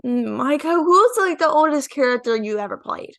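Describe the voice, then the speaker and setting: A woman's voice: high voice, animated, moderate pace, creaky, fairly bright tone. Chatty young woman host, filler-heavy. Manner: chatty, leans heavily on "like". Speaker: podcast host. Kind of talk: casual interview chat.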